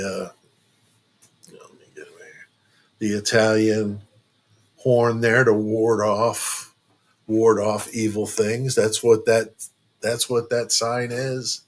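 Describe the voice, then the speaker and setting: A man hosting a casual true crime live stream from home. He rambles and jokes, with lots of fillers and restarts. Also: fairly low pitch.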